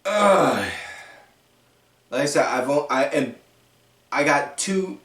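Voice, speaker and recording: A man hosting a wrestling recap podcast, telling matches as animated play-by-play and correcting himself as he goes. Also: on the high side, slow. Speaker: podcast host. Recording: echoey room, distant mic.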